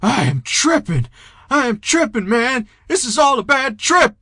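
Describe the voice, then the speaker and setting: A man voicing a panicking stoner who shouts in a high, manic voice. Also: big pitch swings, unhurried, dry recording, clean studio sound, exaggerated voice. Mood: frantic.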